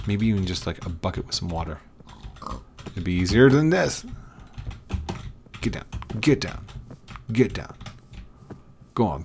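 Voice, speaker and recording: A man's voice: lowish voice, vocal fry, darkish tone, a little hiss or hum. A man giving casual commentary while playing a block-building game, coaxing an animal along with frustrated, repeated commands. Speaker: gaming video creator.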